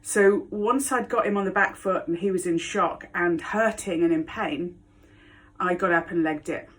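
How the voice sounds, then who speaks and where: A woman with a somewhat low-pitched voice recounts a personal story straight to camera. She is blunt and candid, and laughter keeps breaking into her telling. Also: normal speed, a bit bright. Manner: frank, blunt, laughs often while telling it. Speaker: vlogger.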